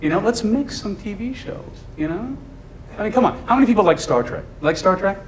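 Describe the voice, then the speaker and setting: A man doing stand-up comedy for a live audience, chatty and animated, often laughing at his own jokes. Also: sits high, a little fast. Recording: echoey room, audience laughter, noise.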